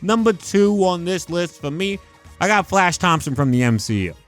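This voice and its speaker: A young man talks through a countdown list in loose, animated commentary, filling his sentences with "like" and pushing into emphatic rants. His voice sits a bit high for a man, and faint music plays underneath. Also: normal speed. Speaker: YouTube movie commentator. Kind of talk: casual ranking commentary.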